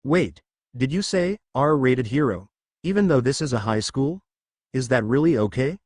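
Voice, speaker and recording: A man's voice: medium pitch, animated, dry recording, studio quality. Man doing a serious questioning teen boy. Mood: concerned. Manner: measured, concerned questioning.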